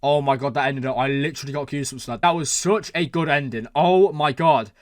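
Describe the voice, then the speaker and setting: A man hosting a reaction channel, excitedly talking through a TV episode and thinking aloud, with lots of exclamations and fillers. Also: medium pitch, fast, no room sound, studio quality.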